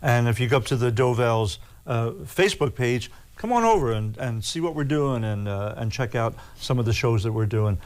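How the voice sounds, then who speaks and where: A man's voice: medium pitch, expressive, moderate pace, hardly any pauses. An older man, a singer and guest, cheerfully plugging his group's pages and cracking a joke. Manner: friendly promoting, joking. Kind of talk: casual chat.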